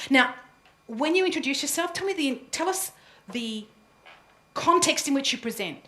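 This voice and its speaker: A woman runs a live presentation workshop, chatty and quick to laugh. Her voice sits a little high, and the room gives it a clear echo. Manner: lively, chatty, laughs easily. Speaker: presentation coach. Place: room with an audience. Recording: echoey room.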